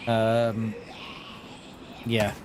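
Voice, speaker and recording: A man in his forties chatting casually on a gaming livestream, rambling and halting, often restarting his words and answering his viewers in a friendly way. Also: lowish voice, completely flat delivery. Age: 40s. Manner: talks back to chat in a friendly, reassuring way. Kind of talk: casual livestream chat while playing. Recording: noisy home stream recording.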